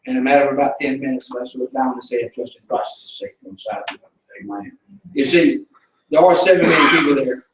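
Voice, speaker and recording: A man's voice: mid-range voice, fast talker, slight background noise. A middle-aged man with a Southern accent, a missionary giving a folksy, fervent presentation to a church. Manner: folksy storytelling, fervent preaching. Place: church sanctuary. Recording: echoey church room from a distance.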